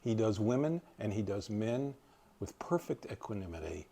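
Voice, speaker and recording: Older man, from East Tennessee, husky, rambling and hesitant, informal library lecture. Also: fairly low pitch, very animated, moderate pace, warm tone. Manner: rambling, hesitant, with many fillers and restarts. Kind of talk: informal talk to a library audience.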